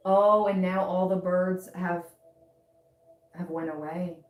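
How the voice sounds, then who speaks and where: A woman's voice: lowish voice, steady tone, slow, darkish tone, soft background music. A woman giving a tarot reading in a casual, chatty way, easily distracted and often exclaiming aloud. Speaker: tarot reader. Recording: echoey room.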